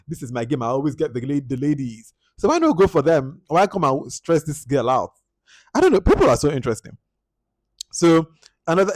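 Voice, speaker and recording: Animated Nigerian man reviewing a film. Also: no echo. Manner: animated and exasperated, jumps into high-pitched outbursts, then drops to quiet asides. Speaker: movie reviewer. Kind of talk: casual spoken film review.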